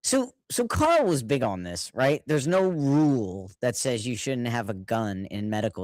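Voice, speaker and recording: A man's voice: medium pitch, very animated, measured pace, hardly any pauses, a little mellow, no echo. A middle-aged man in casual chat, rambling through anecdotes and chuckling often.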